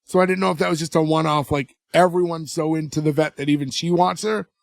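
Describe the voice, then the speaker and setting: Higher-voiced man recapping a show, dry sound. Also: fast, vocal fry, dry recording. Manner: animated storyteller acting out dialogue. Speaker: podcast co-host recapping an episode. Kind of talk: casual chat, retelling scenes.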